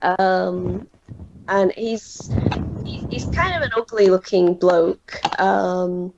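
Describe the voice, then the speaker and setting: A woman narrating a tabletop game as game master, halting and full of fillers. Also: fairly low pitch, gravelly, background noise. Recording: dull lo-fi sound.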